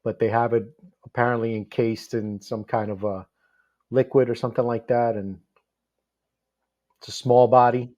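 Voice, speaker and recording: Guy geeking out telling a story, lots of ums and laughs, kinda dull lo-fi audio, mid pitch. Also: normal speed, pauses often. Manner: excitable, laughs often, many fillers. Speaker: guest researcher. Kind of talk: casual interview chat. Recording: dull lo-fi sound.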